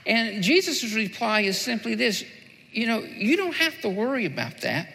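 A man preaching a sermon with a strikingly high, bright, gravelly voice. He repeats his key phrases and presses them home with fervent emphasis. The sound carries a long hall reverb. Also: very animated, moderate pace. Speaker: pastor.

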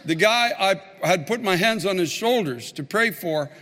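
A man's voice: sits high, expressive, a little slow, bright, forceful tone, big-room sound. A man, a pastor, telling a story in a sermon and building to fervent, emphatic preaching.

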